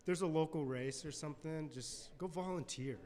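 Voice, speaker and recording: A photographer talking outdoors at a trail race finish, earnest and emotional. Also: male voice, on the high side, normal speed, a little mellow, in a large hall. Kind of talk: casual chat.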